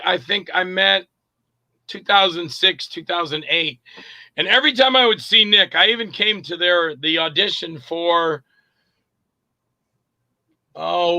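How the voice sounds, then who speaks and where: A middle-aged man, an actor and director, telling anecdotes in a casual interview, animated and acting out quoted voices. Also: high voice, dry recording, muffled recording.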